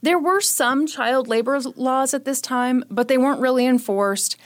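A young woman hosts a podcast, recounting a true-crime story casually with plenty of sarcasm and jokes. Her voice is high and her pace moderate.

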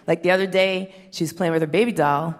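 A woman in her thirties doing a profane, deadpan stand-up set, acting out quotes in her stories. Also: on the low side, fast. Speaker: stand-up comedian. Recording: long reverb of a performance hall.

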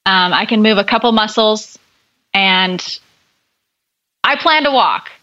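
A woman's voice: mid-range voice, animated, takes it slowly, pushed and bright, dull audio. A young woman guest speaking candidly and upbeat in a casual podcast conversation, telling her own story.

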